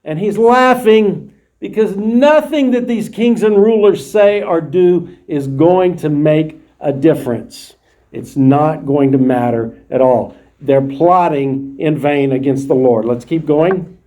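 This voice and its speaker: High-voiced man teaching a Bible class. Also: slow, mellow. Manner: explains verses plainly, restating them in his own words. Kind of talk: verse-by-verse Bible study lecture.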